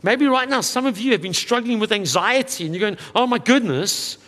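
High-voiced preacher in a reverberant hall. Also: male voice, lively intonation, fairly bright tone. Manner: earnest, conversational preaching with quick asides. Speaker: pastor. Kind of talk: sermon.

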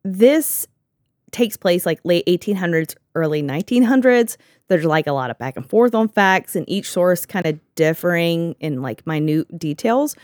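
Woman host, lowish voice, sarcastic, laughs a lot, dry close sound. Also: animated, moderate pace, darkish tone, dry recording. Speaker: podcast host. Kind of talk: casual chat.

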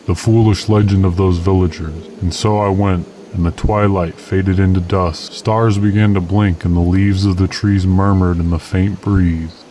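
A man narrating an old adventure story in the first person, measured and steady. His voice is very low. A faint chirp of insects carries behind him. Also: a little hiss or hum, low-quality recording. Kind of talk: storytelling reading of an old tale.

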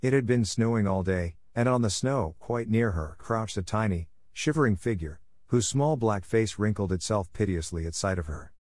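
A man reading a classic storybook aloud in a calm, measured manner. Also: lowish voice, no echo, clean studio sound. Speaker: narrator. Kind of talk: storybook narration.

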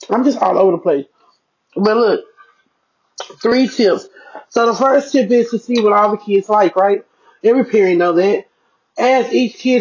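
Chatty mom vlogger, dull lo-fi sound. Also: female voice, medium pitch, normal speed, a little mellow, slight background noise. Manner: chatty, talks straight to viewers, keeps checking in. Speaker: parenting vlogger. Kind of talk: casual budgeting vlog.

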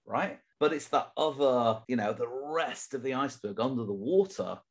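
A man's voice: mid-range voice, lively intonation, normal speed. A middle-aged man with an English accent, hosting an interview podcast in a chatty, self-deprecating way. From England. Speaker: podcast host. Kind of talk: casual interview chat.

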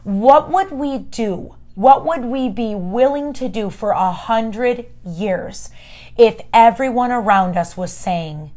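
A woman's voice: a little high, slow, a little mellow. A woman hosting a casual, encouraging faith talk, chatty and emphatic, speaking straight to her listeners as friends. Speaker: podcast host.

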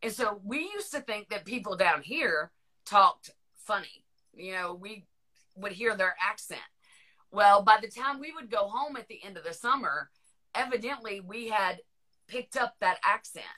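Bright Southern-accented woman host. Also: mid-range voice, expressive, a little slow. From Northern Virginia, USA. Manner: chatty, rambling, laughs often. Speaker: podcast host. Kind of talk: casual chat.

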